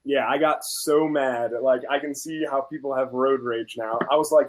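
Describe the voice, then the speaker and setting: A man's voice: medium pitch, steady tone, moderate pace, poor audio. A man on a video call, casually telling a story with animation and acting out both sides of an argument. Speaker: guest on video chat. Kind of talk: casual chat.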